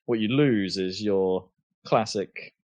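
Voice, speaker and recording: A man's voice: fairly low pitch, slow, a little mellow, dry recording. A man co-hosting a podcast, chatting casually, with lots of fillers and restarts. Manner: hesitant, many fillers and restarts. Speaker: podcast co-host. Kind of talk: casual chat. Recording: dull lo-fi podcast audio.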